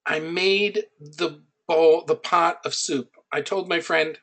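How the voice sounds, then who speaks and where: A man's voice: a little high, steady tone, slow pace, pushed and bright. A middle-aged man coaching an audience on building an online business. He teaches through personal stories and speaks in a conversational, anecdotal way, hitting his key points with emphasis.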